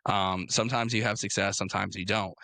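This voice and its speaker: A young man hosting a casual interview, telling animated stories full of fillers and restarts. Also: on the low side, a little fast, gravelly, no room sound. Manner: animated storyteller, lots of filler words and restarts. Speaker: podcast host.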